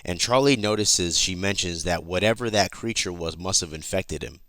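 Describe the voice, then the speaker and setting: Speaking at a moderate pace with a low, sharp-toned voice, this comic book YouTuber recaps an issue in a loose, chatty way, cursing freely and frequently starting sentences over. The recording is dry.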